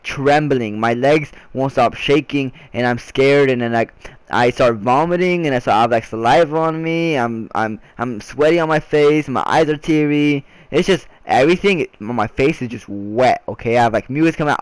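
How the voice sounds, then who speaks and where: A man's voice: medium pitch, clean tone, dry recording. Rambling young man telling a story. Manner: rambling, frequent restarts and filler words. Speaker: vlogger. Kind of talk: casual storytime.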